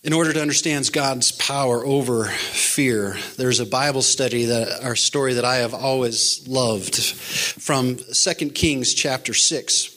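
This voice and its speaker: A middle-aged man preaching a sermon and retelling a Bible story in an animated way, acting out the characters in higher voices. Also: measured pace. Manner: animated storytelling, voicing characters with pitch jumps. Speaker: pastor.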